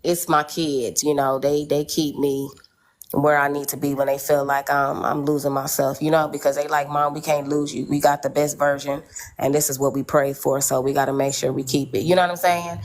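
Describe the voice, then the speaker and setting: Low-voiced candid woman telling stories. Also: little pitch movement, normal speed. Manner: candid, storytelling, slangy, repeats "you know what I'm saying". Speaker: podcast panelist. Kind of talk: casual chat.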